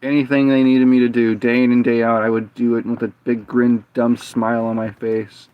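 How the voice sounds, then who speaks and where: A man's voice: medium pitch, little pitch movement, moderate pace, smooth, lo-fi sound. A man streaming a game, chatting casually and rambling through anecdotes with lots of fillers and restarts. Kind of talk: casual storytelling chat.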